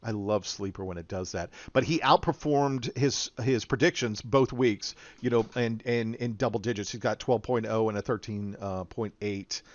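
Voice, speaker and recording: Rambling, laughing host, muffled dry sound. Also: male voice, fairly low pitch, moderate pace, few pauses, dry recording. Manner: loose, rambling, laughs often. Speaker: podcast host. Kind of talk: casual chat.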